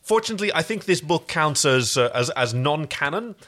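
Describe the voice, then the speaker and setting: A man's voice: on the high side, animated, fairly quick, a bit bright. A man co-hosting a podcast, reading a novel aloud and chatting in loose, self-interrupting asides. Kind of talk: book reading and casual chat.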